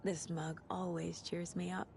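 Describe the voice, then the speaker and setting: Calm woman profiler in a game: lowish, gravelly, analytical. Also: a little hiss or hum. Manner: measured, analytical. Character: composed woman FBI profiler. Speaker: FBI profiler. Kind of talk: video game dialogue.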